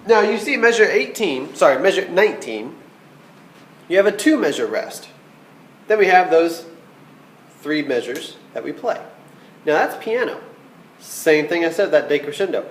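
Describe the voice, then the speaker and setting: Male music teacher, slow and animated, counting beats aloud; roomy recording with faint background hum. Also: on the high side. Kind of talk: trumpet lesson instruction.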